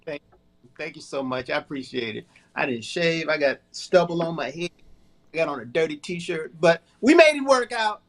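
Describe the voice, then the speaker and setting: High-voiced man joking at himself. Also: animated, moderate pace. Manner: self-deprecating and joking. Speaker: guest co-host. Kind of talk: casual comedic chat.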